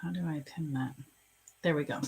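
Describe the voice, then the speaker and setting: A woman's voice: sits low, normal speed, vocal fry, darkish tone, husky. A middle-aged woman psychic reading for viewers on a live stream, soothing and calling them dear and love. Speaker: psychic reader.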